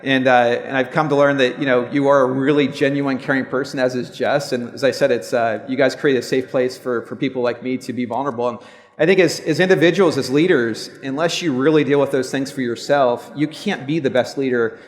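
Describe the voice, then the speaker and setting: This medium-pitched male voice moves at a brisk pace with fairly even intonation in a large hall. He's a law firm owner in his fifties on a live panel on stage at a big stadium event, talking about personal matters in an earnest, reflective, open way.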